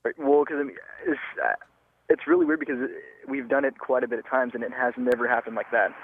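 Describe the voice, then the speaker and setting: A man's voice: medium pitch, fast talker, husky. An eighteen-year-old man calling into a radio show, hesitant and rambling, heard over a tinny phone line. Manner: hesitant, rambling, full of fillers. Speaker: caller. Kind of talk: phone-in call.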